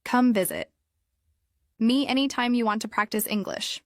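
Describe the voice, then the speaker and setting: Woman voicing a warm, cookie-baking neighbor lady. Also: on the high side, normal speed, no echo, studio quality, natural voice. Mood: friendly. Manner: warm and kindly. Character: warm friendly female neighbor who bakes.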